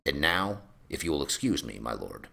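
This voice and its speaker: A man playing a smooth, scheming middle-aged lord in a fan audiobook reading. He speaks calmly and persuasively, his voice very deep with a gravelly edge and bright, sharp tone. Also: exaggerated voice. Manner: calm, measured and persuasive.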